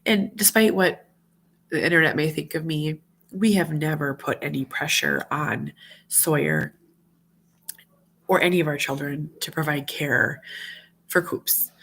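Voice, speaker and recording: A mom in her thirties talks heartfelt and rambling to her livestream viewers, with a slight cold. Her voice is low, gravelly and husky. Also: fairly bright tone. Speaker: mom vlogger. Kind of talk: casual livestream chat.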